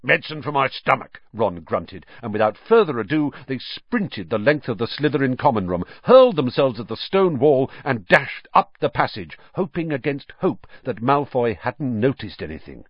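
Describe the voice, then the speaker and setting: Lively male audiobook narrator. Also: medium pitch, moderate pace, hardly any pauses, breathy edge, dry recording, dull audio. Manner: vivid, expressive reading.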